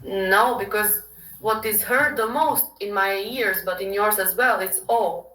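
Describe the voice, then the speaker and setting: A woman's voice: mid-range voice, a little slow, fairly bright tone, roomy sound, far from the mic, low-quality recording. A woman from Albania with an Albanian accent, a language teacher patiently correcting pronunciation in an online lesson. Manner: patient, repeats words for the learner to copy.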